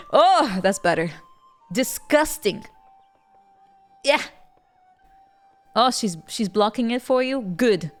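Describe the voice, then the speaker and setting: A woman's voice: a little high, animated, extremely slow, pauses often, faint music behind. A woman streaming a strategy game, chatting playfully and reacting animatedly, often repeating words as she stammers and laughing between remarks. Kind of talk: casual live game-stream chat.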